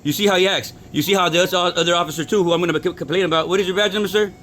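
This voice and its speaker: A man's voice: high-pitched, fairly even intonation, racing, fairly bright tone, slight background noise. A man filming on his phone inside a store, arguing in an agitated, repetitive way as an employee. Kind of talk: filming a workplace confrontation.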